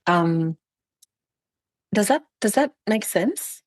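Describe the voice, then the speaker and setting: A woman's voice: mid-range voice, slow pace, dry recording. A middle-aged woman hosting a casual chat, telling stories animatedly and acting out quoted exchanges, with frequent restarts. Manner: animated storyteller, acts out quoted exchanges with bursts of laughter; many restarts and repeated words. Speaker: podcast host.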